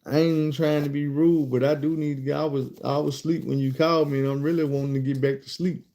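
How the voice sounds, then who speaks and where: A sleepy young woman cutting a phone call short, as a male storyteller quotes her, with a low, gravelly, mellow voice. Curt and dismissive, without much effort to sound different. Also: level tone, fast talker, lightly acted.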